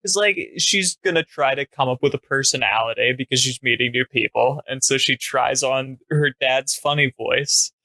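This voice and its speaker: A man co-hosting a comedy podcast, speaking casually with wry, deadpan quips and plenty of fillers. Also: mid-range voice, normal speed, few pauses, no room sound. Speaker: podcast co-host.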